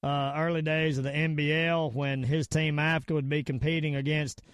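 A middle-aged man with a Southern US drawl hosts a casual podcast. He rambles, stumbles over repeated words and leans hard on his points. His voice sits a touch high for a man and sounds close and dry. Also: flat delivery, normal speed, clear, resonant tone, no room sound. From Virginia / North Carolina area, US. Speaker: podcast host. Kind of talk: casual podcast rant and sign-off.

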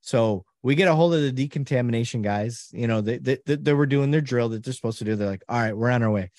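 A man's voice: fast talker, dry recording, studio quality. A middle-aged man, a podcast guest, telling a story casually and acting out what people said, often restarting his sentences. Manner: animated storyteller, acts out quotes with pitch jumps and trailing restarts.

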